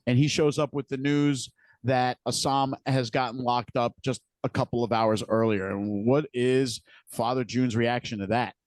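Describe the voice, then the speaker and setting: A man's voice: medium pitch, fairly even intonation, normal speed, dry recording. A man co-hosting a podcast, retelling scenes from a TV episode in a casual, detailed way. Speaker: podcast co-host. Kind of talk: casual recap chat.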